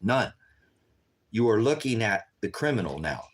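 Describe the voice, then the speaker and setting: With a fairly low, breathy voice that swings widely in pitch, a man speaks at normal speed on an unscripted livestream. Tired from an all-nighter, he's urgent and repetitive, constantly saying "guys" to his viewers.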